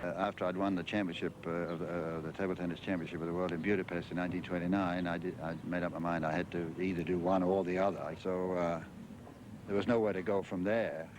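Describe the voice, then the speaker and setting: A man's voice: deep voice, flat delivery, fast. An older English man, a former tennis champion, recalling his career in a rambling interview full of fillers and restarts. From England. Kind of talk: interview reminiscence. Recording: archive interview with clear background noise.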